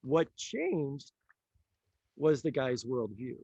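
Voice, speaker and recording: A man telling a story in a casual conversation, animated, acting out the lines of the people in it and laughing often. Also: medium pitch, very slow, creaky, slightly rough, dry recording, lo-fi sound. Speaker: author and teacher.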